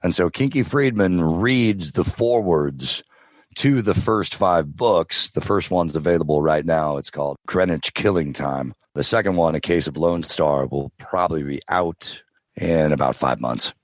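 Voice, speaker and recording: Very deep-voiced man, dry studio sound. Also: measured pace, no echo. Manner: relaxed storytelling, tries out character voices. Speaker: podcast guest, audiobook narrator. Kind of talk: casual interview chat.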